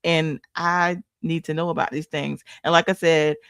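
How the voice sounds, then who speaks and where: A woman's voice: low voice, flat delivery, moderate pace, gravelly, clear, resonant tone, dry recording, clean studio sound. A woman hosting a podcast, affirming her guest and reading listener comments aloud. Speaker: podcast host. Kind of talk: casual podcast chat.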